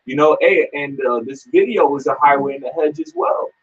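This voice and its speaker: A man reading scripture aloud in a preaching discussion, measured and urging, with a husky voice. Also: a little high, lively intonation, a little hiss or hum. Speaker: scripture reader. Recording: dull lo-fi sound.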